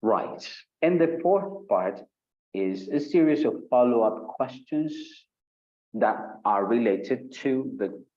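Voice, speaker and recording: A man's voice: medium pitch, expressive, slow pace, warm tone, muffled recording. A man teaching an online exam-prep lesson, asking the audience questions and reading their chat comments aloud. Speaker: IELTS instructor. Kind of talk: live online webinar lesson.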